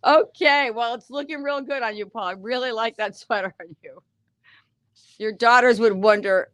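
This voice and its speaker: A woman's voice: a little high, normal speed, fairly bright tone. Giggly chatty woman host. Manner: giggly, chatty, reads out viewer comments. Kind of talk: casual chat on a live knitting show.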